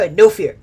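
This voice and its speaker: A woman streamer talks over a game at an unhurried pace. Her pitch swings widely, and she laughs often and swears freely. She reads game lines aloud in between her own remarks. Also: dark tone, breathy edge. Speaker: streamer playing a video game. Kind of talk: casual gameplay commentary.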